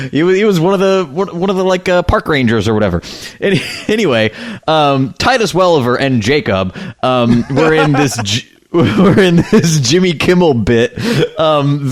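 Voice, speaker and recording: A man co-hosting a podcast in casual chat, rambling with lots of fillers and restarts, laughing often. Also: on the high side. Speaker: podcast co-host.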